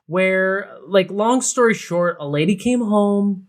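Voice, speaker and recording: A man's voice: sits high, slow. A man co-hosting a casual podcast, telling a story in a playful, rambling way with plenty of fillers. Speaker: podcast co-host. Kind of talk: casual chat.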